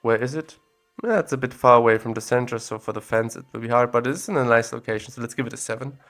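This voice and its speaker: A man's voice: mid-range voice, fast talker, faint music behind. A man giving casual, think-aloud commentary while exploring places on a map, recorded on a separate audio recorder. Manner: thinking aloud, relaxed and chatty.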